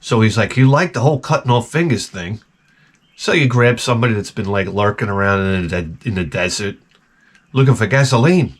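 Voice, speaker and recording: Man, middle-aged, sarcastic, animated storytelling, lively pitch. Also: a little fast. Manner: sarcastic, animated, mimics people mid-story. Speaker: vlogger. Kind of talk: casual ranting storytelling.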